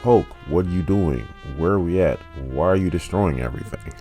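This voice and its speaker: A man's voice: low-pitched, animated, brisk, mellow, faint music behind, pitched above the performer's own voice. A man doing an anguished scientist. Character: anguished male scientist, frantic and resentful.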